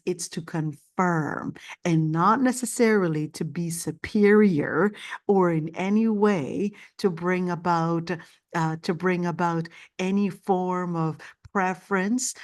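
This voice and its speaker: A woman teaching a Quran commentary lesson, explaining slowly and often repeating words with fillers. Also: fairly low pitch, darkish tone. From Palestinian family. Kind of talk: classroom lecture.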